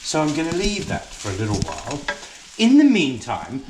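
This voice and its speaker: A man's voice: a little high, wildly swooping pitch, normal speed, noisy background. A man playing a posh housewife who hosts a comic cooking show in a home kitchen, calling everyone darling in an affected voice. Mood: posh chatty. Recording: roomy kitchen echo.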